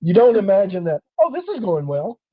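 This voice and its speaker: With a high, narrow voice recorded as tinny audio, the man talks a little fast while hosting a casual chat. He works through a long personal story, animatedly voicing the officers in it.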